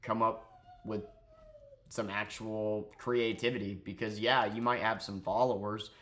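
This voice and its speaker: A man's voice: fairly low pitch, steady tone, a little slow, fairly bright tone. A young man ranting on his vlog, profane and sarcastic, swearing heatedly at another streamer. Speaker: streamer and vlogger.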